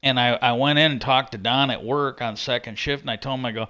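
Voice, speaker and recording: Bright-voiced man ranting casually. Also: medium pitch, fairly even intonation, fast. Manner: rambling, profane, repeats "I go". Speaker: streamer. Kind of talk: casual storytelling.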